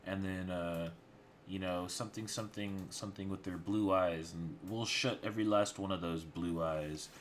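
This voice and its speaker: A man's voice: low voice, fairly even intonation, normal speed, a little hiss or hum. A man casually talking through story beats of a storyboard on a livestream, rambling with many fillers. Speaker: storyboard artist.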